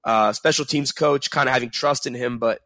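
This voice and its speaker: A man's voice: medium pitch, normal speed, fairly bright tone, dry recording, studio quality. A man in his twenties, a sports reporter chatting casually on a panel, upbeat and digressive. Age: 20s.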